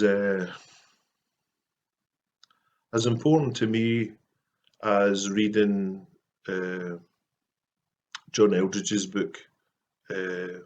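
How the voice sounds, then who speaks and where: A Scottish man with a lowish voice speaks to camera in a casual, heartfelt vlog. He talks softly and earnestly, with frequent pauses and fillers. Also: fairly even intonation, lo-fi sound. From Scotland. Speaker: Christian artist vlogger.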